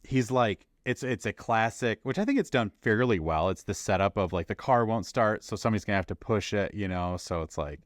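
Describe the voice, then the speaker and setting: A man with a very low voice talks through a podcast chat, loose and jokey. He slips into quick put-on voices to act out scenes. The sound is dry and close. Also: dry recording. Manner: animated, jokey, acts out movie characters in quick voices. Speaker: podcast co-host. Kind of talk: casual chat.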